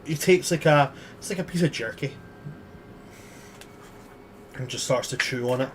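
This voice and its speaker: A man narrating a tabletop game as game master in a relaxed, casual way. The recording is noisy. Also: medium pitch, normal speed.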